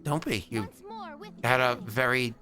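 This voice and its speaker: A man's voice: medium pitch, measured pace, sharp tone, faint music behind. A man hosting a tabletop game stream, chatting casually and rambling with lots of fillers. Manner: rambling, many fillers and restarts. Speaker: stream host. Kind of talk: casual pre-game chat.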